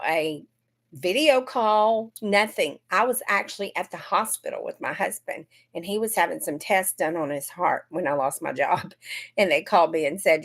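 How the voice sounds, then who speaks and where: Brief: middle-aged woman, lowish voice, chatty livestream host who talks straight to her viewers. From Georgia, US. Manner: chatty, greets viewers by name. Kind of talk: casual livestream chat.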